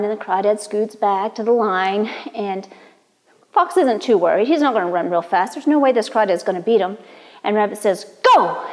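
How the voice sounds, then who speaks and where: Brief: woman storyteller from the Cherokee Nation, easy conversational telling, lingering room echo. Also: fairly high pitch. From Cherokee Nation, Oklahoma. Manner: relaxed, conversational, playful. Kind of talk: oral storytelling.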